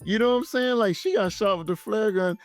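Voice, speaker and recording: A man's voice: high-pitched, brisk, no echo. A man co-hosting a casual film review, retelling scenes incredulously and swearing freely.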